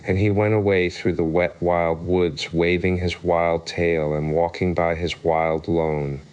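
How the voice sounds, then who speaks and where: A man narrating a classic children's story aloud at an even, unhurried pace. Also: sits low, clean tone, muffled recording. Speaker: audiobook narrator.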